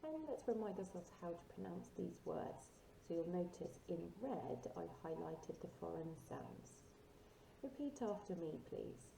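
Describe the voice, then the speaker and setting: A woman's voice: fairly low pitch, lively intonation, unhurried, gravelly, warm tone. A woman teacher giving a recorded language lesson, patiently modelling words for students to repeat. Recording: echoey room, distant mic, faint noise.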